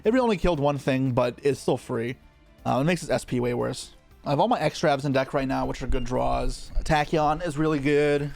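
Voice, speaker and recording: A man's voice: mid-range voice, creaky, darkish tone, soft background music. Man muttering through a card game. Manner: thinking aloud, quick muttered asides. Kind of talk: live gameplay commentary.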